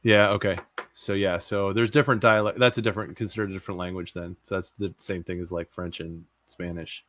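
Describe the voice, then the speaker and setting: A man chatting on a tech podcast, joking and thinking out loud. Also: low-pitched, steady tone, brisk, no echo, clean studio sound. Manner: joking, rambling, thinks aloud. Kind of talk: casual tech podcast chat.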